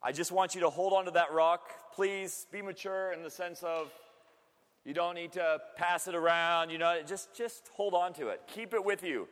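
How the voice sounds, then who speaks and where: A high-pitched man gives a loose, chatty sermon, cracking jokes and laughing as he talks to the room. His voice rings out through a large hall with a long, lingering reverb. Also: normal speed, fairly bright tone. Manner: chatty and joking, laughs often. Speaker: preacher. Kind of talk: casual sermon to a youth group.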